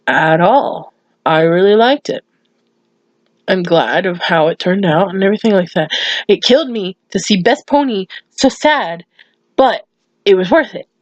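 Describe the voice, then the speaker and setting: A woman's voice: medium pitch, no echo, dull audio. A young woman giving a chatty, rambling recap of a cartoon episode, acting out the characters' lines. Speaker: show reviewer.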